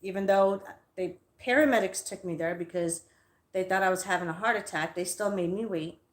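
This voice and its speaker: A woman's voice: mid-range voice, brisk. A woman hosting a live stream and telling an angry story in a heated, profane rant. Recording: echoey room.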